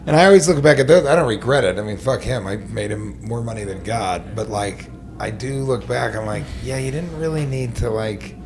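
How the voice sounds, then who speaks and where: A comedian guest on a podcast, telling stories in a profane, animated way that swings between loud outbursts and hushed asides. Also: male voice, lowish voice. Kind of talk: casual podcast chat. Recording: noisy background.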